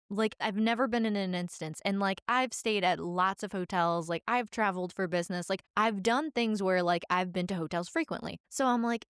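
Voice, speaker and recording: A woman's voice: medium pitch, normal speed, few pauses, smooth, no room sound, clean studio sound. A woman hosting a podcast, telling a story in a chatty, casual way with many filler words. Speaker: podcast host.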